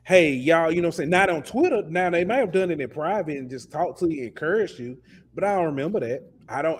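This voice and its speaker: Male sports podcast co-host, fired-up rant, slightly higher voice, casual and repetitive. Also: a little hiss or hum. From lives in Alabama. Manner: passionate, ranting, repeats words.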